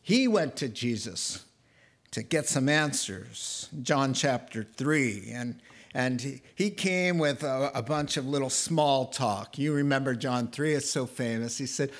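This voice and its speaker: A man preaching a sermon as a pastor, telling the story in a lively, conversational way and joking with his congregation. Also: a little slow. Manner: animated storytelling, voicing characters with a rising pitch.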